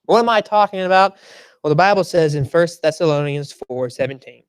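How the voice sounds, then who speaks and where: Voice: medium pitch, expressive, fairly quick, smooth, no echo. Conversational preacher, dry close sound. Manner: conversational storytelling, emphatic repeated phrases. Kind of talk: sermon. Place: church service.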